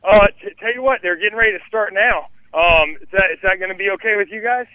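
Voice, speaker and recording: A man's voice: high-pitched, quick pace, phone-quality sound. A man calling in live from a haunted attraction, telling stories in a loose, rambling way. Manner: rambling, laid-back storytelling. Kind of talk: casual live field report.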